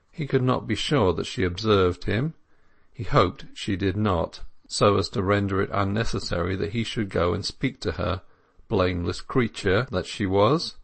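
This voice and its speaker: A man reads a classic novel aloud as an audiobook narrator. His voice sits low with a gravelly, creaky edge, and his delivery is measured and even.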